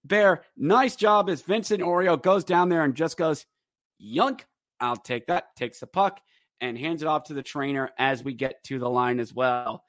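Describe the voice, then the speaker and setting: Male podcast host, lively rambling game recap, slightly high voice, dry close mic. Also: no echo. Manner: rambling and animated, breaks into acted quotes. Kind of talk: casual hockey game recap.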